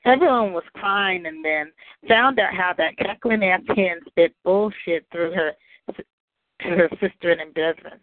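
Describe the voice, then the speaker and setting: A woman performing a sharp, accusing spoken word piece. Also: fairly low pitch, unhurried, dry recording. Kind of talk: performance poetry. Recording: tinny phone line.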